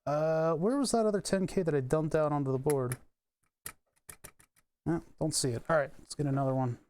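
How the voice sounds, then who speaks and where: A man's voice: fairly high pitch, normal speed, a little mellow. Laughing man streaming while soldering. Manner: joking, laughs often, rambling. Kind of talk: casual live-stream chat.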